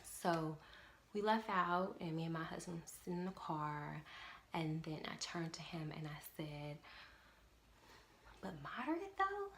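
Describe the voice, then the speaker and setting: A woman's voice: low voice, flat delivery, unhurried, gravelly, slight background noise. A young woman talking casually to camera as a parent vlogger, earnest and emphatic. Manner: earnest, emphatic, repeats "definitely".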